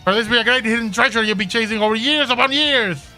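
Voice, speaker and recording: A man's voice: very high-pitched, fast talker, pushed and bright, soft background music, full character voice. A man voicing a boastful, theatrical pirate captain in a fan voice-over of game dialogue, drawing out his words in old-timey pirate speech.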